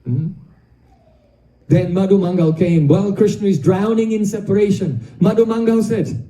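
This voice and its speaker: Male spiritual teacher telling a sacred story, high voice, very dark tone, animated delivery; roomy, off-mic sound. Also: normal speed. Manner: animated, acts out quoted dialogue, chuckles. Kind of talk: devotional storytelling lecture. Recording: echoey room, mic at a distance.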